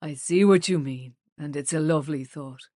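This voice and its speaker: A woman doing a soft-spoken middle-aged man. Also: moderate pace, no echo, clean studio sound, natural voice. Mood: gentle. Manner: soft, lowered voice.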